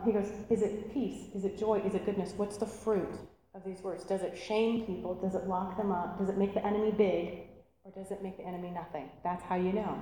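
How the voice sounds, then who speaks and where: A woman preaching a sermon and telling stories, lively and animated, acting out voices as she goes. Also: medium pitch, very echoey, big-room sound, slight background noise, poor audio. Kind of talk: sermon storytelling.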